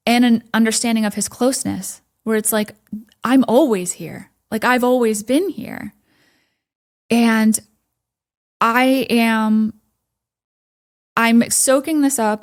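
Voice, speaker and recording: A woman recounting her experience at church, animated, full of "like" fillers, dropping to a whisper when quoting her own thoughts. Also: medium pitch. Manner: frequent "like" fillers, laughs often. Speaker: podcast guest. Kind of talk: personal testimony in conversation.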